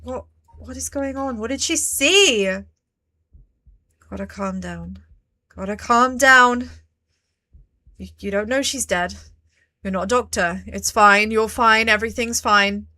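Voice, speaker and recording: A woman streaming a mystery game, talking to herself and her viewers, jumpy and quick to swear when startled. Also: fairly high pitch, bright, forceful tone. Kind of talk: live game commentary.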